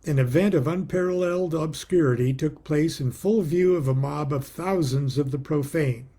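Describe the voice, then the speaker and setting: Wry male author reading aloud; husky, mellow, slow-paced, chuckles between lines. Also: a little high. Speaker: author reading his own book. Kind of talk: reading aloud with personal asides.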